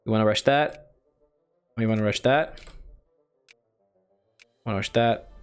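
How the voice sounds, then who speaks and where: A man's voice: on the low side, measured pace, smooth. Man, let's player, mumbles his moves aloud, self-deprecating, faint music under the voice. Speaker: strategy game let's player. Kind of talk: casual gameplay commentary.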